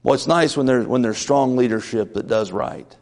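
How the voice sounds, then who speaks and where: A man's voice: mid-range voice, moderate pace. Folksy preacher man with long reverb. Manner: folksy, rising to loud emphatic peaks. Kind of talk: conversational sermon.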